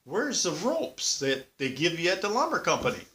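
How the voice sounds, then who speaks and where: A man's voice: on the high side, wildly swooping pitch, moderate pace, pushed and bright, a little hiss or hum, full character voice. A man voicing a stern middle-aged state trooper who lectures in a matter-of-fact way.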